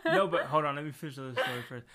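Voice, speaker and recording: Bright-voiced man telling loose stories. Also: a little high, big pitch swings, quick pace. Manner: loose storytelling with heavy swearing. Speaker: podcast co-host. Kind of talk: casual chat.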